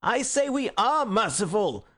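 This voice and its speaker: A man's voice: high-pitched, very animated, normal speed, vocal fry, voice pushed up, exaggerated voice. A man voicing an earnest male anarchist poet making a persuasive speech in an audiobook. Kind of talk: audiobook character reading.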